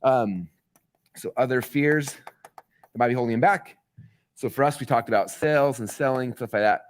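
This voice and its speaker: A man in his forties teaching a live online masterclass, talking straight to his viewers and acting out quick quotes with excitement. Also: mid-range voice, slight background noise. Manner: fast, excited, talks to the audience directly, acts out quotes. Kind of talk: energetic live-stream teaching.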